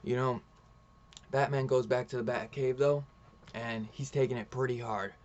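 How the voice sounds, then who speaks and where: A man's voice: mid-range voice, fairly even intonation, normal speed, darkish tone, muffled recording. A man casually reviewing a comic book, rambling through the story and retelling it with lots of "he's like" quotes.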